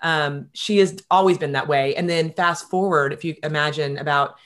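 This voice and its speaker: A middle-aged woman telling stories in a casual interview, animated and quick, with many fillers. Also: deep voice. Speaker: guest.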